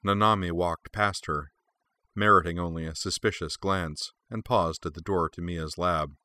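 A man reading a story aloud as narrator, with steady, measured storytelling. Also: sits low. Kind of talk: fan fiction read aloud.

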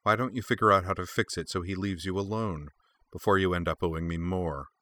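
A man's voice: low voice, normal speed, pushed and bright. A man reading aloud voices a fierce, bitter young woman with blades, speaking in a raised, taunting voice.

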